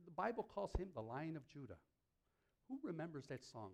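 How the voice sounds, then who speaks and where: A man preaching a sermon to a congregation in a church hall, lively and joking, his pitch leaping up on punchlines. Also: brisk, creaky. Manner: animated, jokes with the congregation, pitch leaps up on punchlines.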